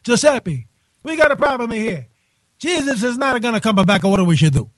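A man voicing a dithering male cardinal in a put-on Italian accent, with broken, halting phrasing. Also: extremely high pitch, sing-song, no room sound.

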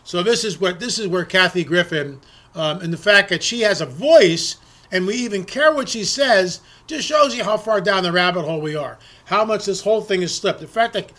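A man's voice: high voice, sharp tone. A man delivering an emphatic political monologue to his audience, often repeating words and restarting sentences. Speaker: political commentator.

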